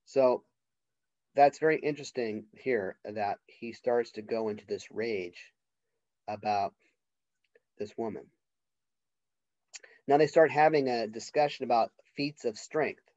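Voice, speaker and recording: A male professor delivers an informal college literature lecture in a mid-range, darkish voice, chatting conversationally and acting out characters' dialogue in quick voices. The lo-fi recording is dull and has no room sound.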